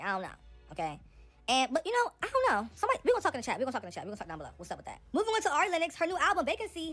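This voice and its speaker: A woman's voice: fairly high pitch, a bit bright. A woman hosting a celebrity gossip channel, giving casual, sassy and opinionated commentary straight to her viewers.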